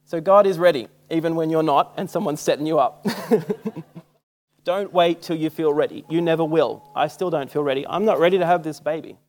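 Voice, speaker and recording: A man's voice: on the high side, normal speed, darkish tone. A young Australian man preaching a sermon in a casual, self-mocking storytelling way. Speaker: church speaker. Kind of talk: sermon with personal stories.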